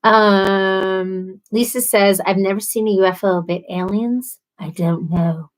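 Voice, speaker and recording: A woman's voice: medium pitch, fairly even intonation, slow, poor audio. A woman hosting a casual livestream, reading viewer comments aloud and chatting in a bubbly, chatty way. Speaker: livestream host.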